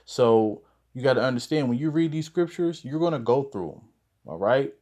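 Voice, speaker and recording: A man's voice: medium pitch, expressive, normal speed, warm tone. Man teaching scripture in a loose, casual way. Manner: loose and conversational, with mild swearing and many fillers; reads scripture verses aloud, then explains them in plain talk. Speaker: Bible teacher.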